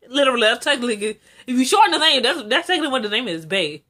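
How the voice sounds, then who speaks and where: A young woman recapping a TV episode in a casual vlog, chatty and excitable, full of fillers and asides. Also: very fast, hardly any pauses. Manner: chatty and excitable, frequent "like" and filler, jumps high when excited. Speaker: TV episode reviewer.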